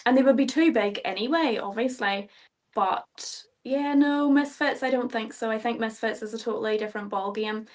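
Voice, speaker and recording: A woman's voice: a little high, moderate pace. Chatty, laughing Irish woman. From Ireland. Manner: chatty, swears freely, laughs often. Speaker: guest fighter. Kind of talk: casual interview chat.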